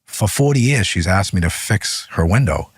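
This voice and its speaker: A man, a union leader guest in an interview, telling stories in an animated way, his voice rising as he gets heated. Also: sits low, moderate pace, slightly rough, no echo, studio quality. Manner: animated, voice rises when retelling arguments. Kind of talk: interview storytelling.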